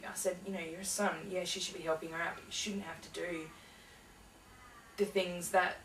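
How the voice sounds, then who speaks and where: Hesitant woman, lower voice, echoey room. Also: little pitch movement, normal speed, fairly bright tone, a little hiss or hum. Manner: hesitant, full of fillers and restarts. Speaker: interviewee. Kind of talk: casual interview. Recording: echoey room, mic from a distance.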